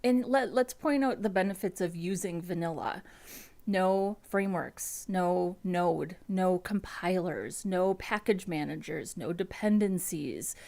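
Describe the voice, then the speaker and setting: A woman's voice: on the low side, measured pace, creaky, mellow. A woman chatting casually at home as host of a front-end coding live stream, rambling and restarting her sentences.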